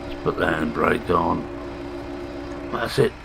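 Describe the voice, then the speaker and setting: Slow, low and creaky, this Scottish-accented man's voice carries casual, self-deprecating commentary as he plays a farming game for his gaming channel, thinking aloud along the way. Engine and vehicle noise from the game can be heard behind.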